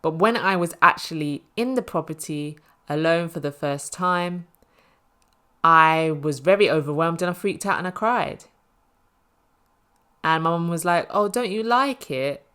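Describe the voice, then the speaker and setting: Chatty low-voiced woman tarot reader. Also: a little slow, fairly bright tone, clean tone. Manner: chatty, reassuring, frequent "you know" fillers. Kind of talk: casual spoken tarot reading.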